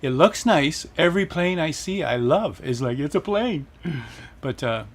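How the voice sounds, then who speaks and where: A man's voice: fairly high pitch, animated, measured pace, husky. A middle-aged man hosting a casual flight-sim livestream, chatting and reading viewer comments aloud with frequent laughs. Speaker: livestream host.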